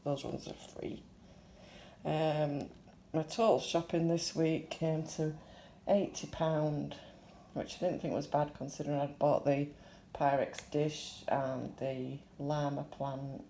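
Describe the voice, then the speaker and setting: A woman's voice: low voice, little pitch movement, slow pace, warm tone, slight background noise, rough recording. An older woman vlogging, chatting casually as she lists her shopping item by item. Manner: chatty, listing items one by one. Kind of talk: casual shopping haul narration.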